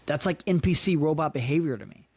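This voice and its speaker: A man in his thirties hosts a solo podcast, ranting in a casual, profane, frustrated way and sprinkling in "dude" and "man." His voice is fairly high and a little mellow, animated and quick.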